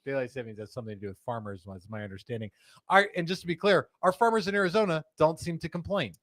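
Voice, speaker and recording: A high-pitched man hosts a live show from a studio, hyped and jokey. His volume swings from loud calls to quiet asides. The sound is dry and close. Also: quick pace, dry recording. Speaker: host.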